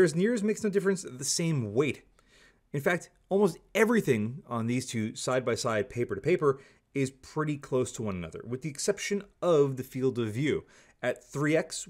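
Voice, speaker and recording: A man giving a candid, opinionated product review, talking casually and repeating stock phrases. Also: medium pitch. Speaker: scope reviewer.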